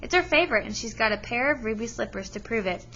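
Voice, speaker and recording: A woman's voice: fairly high pitch, expressive, fast, pushed and bright, dull audio, a little hiss or hum. A woman teacher reading a story aloud with expression and stopping to ask her listeners questions. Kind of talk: read-aloud lesson with comprehension questions.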